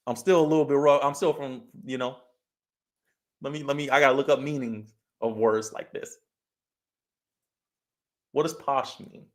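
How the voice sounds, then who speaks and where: A man's voice: medium pitch, fairly even intonation, moderate pace, long pauses. Male streamer from California, easygoing chat delivery, frequent laughs, reads comments aloud. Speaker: livestream host. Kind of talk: casual livestream chat.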